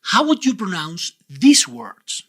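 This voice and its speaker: A man leads a Spanish pronunciation lesson with an animated voice that rises and falls freely. His tone is a little husky. He speaks slowly and deliberately, pausing to quiz the viewer. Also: high voice. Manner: clear, deliberate teacher's delivery with quiz questions. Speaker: Spanish teacher.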